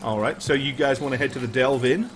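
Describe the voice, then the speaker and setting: A man narrating a tabletop game as game master, lively, with frequent fillers. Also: mid-range voice, quick pace, soft background music.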